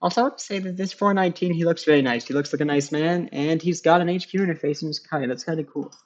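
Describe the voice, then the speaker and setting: A man's voice: on the high side, quick pace. Chatty man, slightly dull audio. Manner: casual, chatty colour commentary. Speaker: co-commentator. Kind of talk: live game commentary.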